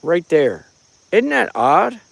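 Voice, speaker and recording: Speaking slowly in a high, creaky, very animated voice, a middle-aged man live-streams his paranormal watch from a rural property after dark. He holds the phone himself, rambles in a folksy way, and greets viewers by name. The recording is dry.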